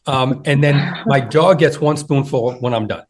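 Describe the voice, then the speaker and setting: A man's voice: medium pitch, measured pace, slightly rough. A man co-hosting a casual online chat over a video call, hesitant and full of ums and restarts. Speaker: co-host.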